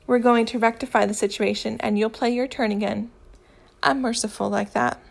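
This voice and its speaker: A woman voicing an indignant, theatrical young man who gets worked up and speaks in slow, emphatic bursts. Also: a little high, fairly even intonation, gravelly. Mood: exasperated. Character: indignant dramatic young man, easily outraged.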